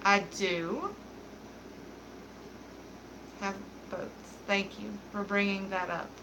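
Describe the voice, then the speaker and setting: A woman's voice: medium pitch, steady tone, takes it slowly, noisy background. A young adult woman hosting a beauty livestream, chatting casually with viewers in a giggly, candid, joking way. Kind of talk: casual livestream chat, reading viewer comments.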